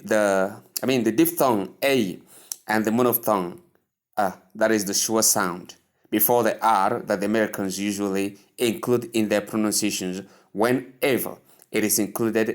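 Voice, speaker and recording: A man with a Nigerian English accent teaching English pronunciation, repeating each word slowly and deliberately. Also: lowish voice. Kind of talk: slow instructional lesson.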